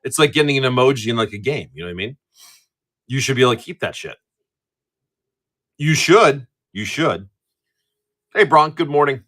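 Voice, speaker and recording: Middle-aged male streamer, chatty and profane, bright lively delivery, casual rambling. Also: medium pitch, moderate pace, long pauses. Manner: chatty, profane, laughs easily; rambling with frequent restarts. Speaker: live-stream card breaker. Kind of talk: casual live-stream chat.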